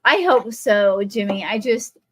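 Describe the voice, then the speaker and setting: A woman's voice: medium pitch, a little slow. A woman, hosting a live craft stream. She rambles and tells stories, talking to viewers by name as she paints. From Ohio. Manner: rambling, animated storytelling, talks to viewers by name while painting. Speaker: craft livestream host.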